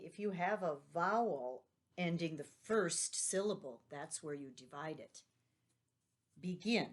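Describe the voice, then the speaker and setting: A middle-aged woman teacher giving a patient spelling lesson for young children, spelling words out letter by letter. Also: fairly low pitch.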